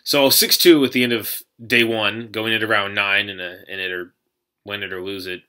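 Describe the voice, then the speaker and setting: A young man casually telling a rambling story to camera, animated, with lots of fillers and restarts. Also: lowish voice, moderate pace. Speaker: card game player recounting a tournament.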